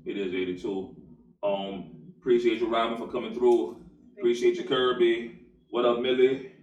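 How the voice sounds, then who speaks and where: A man hosts a podcast, loose and joking as he signs off in casual chat. His voice is roomy, picked up from some distance away. His pitch sits at an ordinary middle. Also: little pitch movement, moderate pace, darkish tone, lo-fi sound. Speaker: podcast host.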